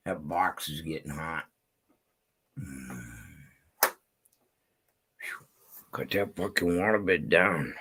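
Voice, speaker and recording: A man's voice: extremely low pitch, very slow, long pauses, sharp tone, slight background noise. A man ranting and telling stories in casual chat, profane and rambling, heated at times. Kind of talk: casual storytelling rant.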